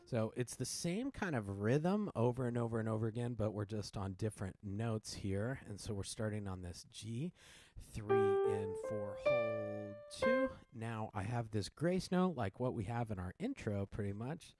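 A man explaining his piano piece in a casual tutorial, relaxed, with many fillers and restarts, counting beats aloud. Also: on the low side, moderate pace, hardly any pauses. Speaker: piano teacher and composer.

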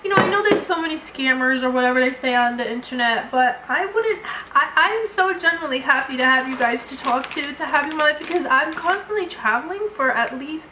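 A woman's voice: sits high, animated, a little fast, roomy sound, noisy background. A woman beauty vlogger chatting through an unboxing, gushing and exclamatory as she talks to her viewers. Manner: gushing, effusive, frequent exclamations. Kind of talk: unboxing vlog chat.

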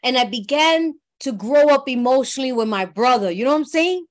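Speaking a bit quickly with lively intonation in a high voice, a middle-aged woman from New York tells a workshop about her recovery. Her telling is warm and conversational, and she keeps asking her audience "you know what I mean."

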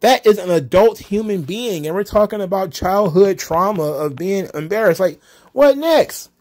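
Man, slightly high-pitched, exasperated, profane, casual solo commentary. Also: moderate pace, a little mellow. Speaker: wrestling commentary host.

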